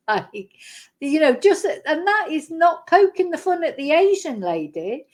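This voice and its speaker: A woman with a fairly high voice talks her viewers through clips in a loose, chatty way. She is blunt and indignant, trips over her words and restarts often. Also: lively intonation, moderate pace, a little mellow. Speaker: commentary vlogger. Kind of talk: casual reaction commentary.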